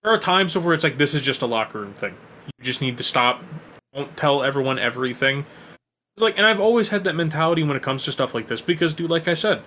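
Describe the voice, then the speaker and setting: A man with a fairly high voice co-hosts a casual podcast, speaking bluntly, swearing freely and leaning on fillers. A faint noise hangs behind him. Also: lively intonation, fast, bright, forceful tone. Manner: blunt, swearing, heavy use of "like". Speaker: podcast co-host. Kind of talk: casual chat.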